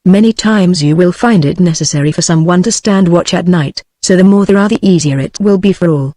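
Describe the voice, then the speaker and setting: A text-to-speech woman with a British English accent voicing a stern, calm jungle lord in a novel reading. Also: on the low side, fairly quick, no echo, studio quality, lightly acted. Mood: firm. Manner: plain synthetic reading.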